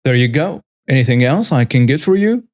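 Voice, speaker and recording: A man doing a brisk, friendly diner waitress. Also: medium pitch, expressive, natural voice. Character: friendly small-town woman diner waitress.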